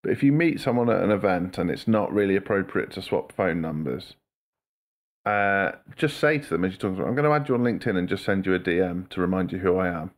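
A man's voice: low-pitched, lively intonation, fast talker. A man co-hosting a podcast, chatting casually and telling stories with mocking voices. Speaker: podcast co-host.

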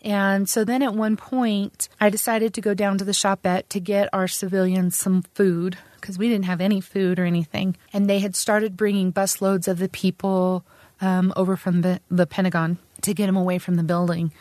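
A middle-aged woman veteran tells her story in an earnest, conversational way, pausing on fillers and restarting her sentences. The recording is close and dry, with no room sound, and her pitch sits in an ordinary middle range. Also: flat delivery, a little mellow, dry recording. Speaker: army veteran recounting service. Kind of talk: personal oral history storytelling.

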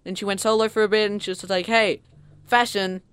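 A podcast co-host in casual chat, talking fast and bursting into loud mock quotes. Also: mid-range voice, little pitch movement, clean tone, no room sound. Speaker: podcast co-host reviewing an album.

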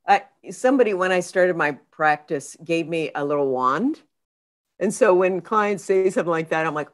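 A woman therapist and author, a guest on a podcast, telling stories in a casual, expressive way and acting out her own inner voice. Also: lowish voice, normal speed.

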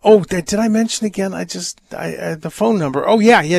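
A man hosting a Catholic call-in radio show, reading letters and answering questions in a rambling, halting, wry way. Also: sits high, expressive, gravelly, husky, dry recording. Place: radio studio. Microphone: studio microphone.

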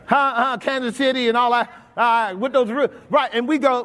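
A man's voice: very high voice, steady tone, moderate pace, fairly bright tone. A pastor preaching a sermon, asking his congregation questions and slipping into folksy, colloquial phrasing. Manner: colloquial, drops into folksy grammar. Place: church sanctuary. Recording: long reverb of a church hall.

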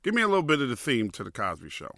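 A man in his fifties hosting a podcast, telling a story in a loose, animated way with slang. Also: medium pitch, very fast. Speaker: podcast host. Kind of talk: casual storytelling.

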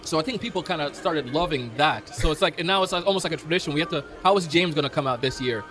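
A man speaking as a guest in casual conversation, quick and loose with fillers. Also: fairly high pitch, a bit bright, soft background music.

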